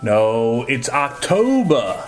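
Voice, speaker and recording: A woman hosting a homemade quiz game, her low voice swinging up and down with theatrical, teasing energy. She takes her time over each question, and music plays clearly behind her. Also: big pitch swings, very slow. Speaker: quiz host. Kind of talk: playful family quiz game.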